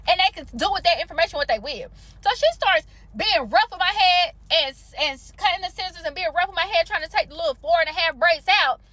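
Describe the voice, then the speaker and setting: High, fast-talking woman ranting. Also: no room sound. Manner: animated, slangy, exasperated storytelling. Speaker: salon customer telling a story. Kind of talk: storytime vlog rant.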